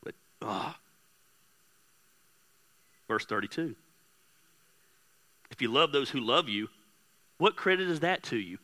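A man preaching a sermon, candid and joking with his congregation, swinging between soft asides and loud emphatic bursts. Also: medium pitch, big pitch swings, slow pace, long pauses. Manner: candid, joking, talks straight to the crowd. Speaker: pastor. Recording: hall reverb.

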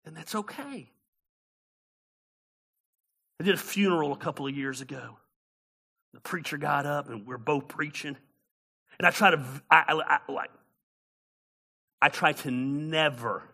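A male pastor delivers a sermon in a very bright, forceful voice set high for a man. He keeps swinging between loud, climbing preaching and hushed storytelling. He stumbles over his words and restarts sentences often. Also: animated, unhurried, vocal fry, long pauses. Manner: stammers with many restarts.

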